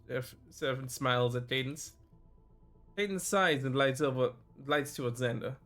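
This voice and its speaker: A man's voice: mid-range voice, normal speed, a bit bright. A man streaming, reading a narrative video game aloud and often stopping to correct himself. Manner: frequent self-corrections and restarts while reading.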